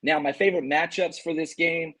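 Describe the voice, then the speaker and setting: A man hosting a sports podcast, excitedly talking through matchups and reading fan comments, his voice strained from screaming. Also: a little high, brisk. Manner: hyped, animated, reads fan super chats. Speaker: podcast host.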